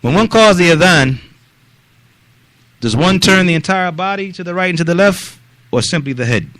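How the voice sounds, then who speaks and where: A man teaching a mosque lesson, mixing Arabic phrases into his English, pausing on fillers like yani, and directly questioning the people listening. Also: high voice, expressive, a bit bright, dry recording. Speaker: religious teacher.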